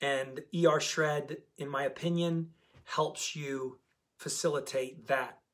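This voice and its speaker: A man's voice: fairly high pitch, fairly even intonation, slow pace, a bit bright. A man coaching a diet program community in a casual, emphatic talk to camera, repeating key words for stress.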